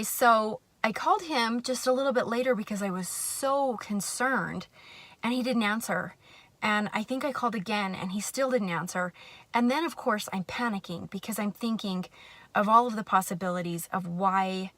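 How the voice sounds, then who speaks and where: A woman telling a personal faith story to camera, earnest and reflective, sometimes soft and hushed. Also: medium pitch, normal speed, no room sound. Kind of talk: personal testimony.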